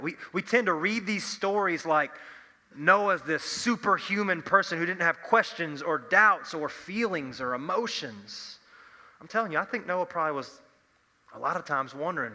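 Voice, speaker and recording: Animated youth pastor in a big hall. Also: male voice, fairly high pitch, brisk. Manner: animated storytelling, acts out imagined voices. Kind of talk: youth sermon.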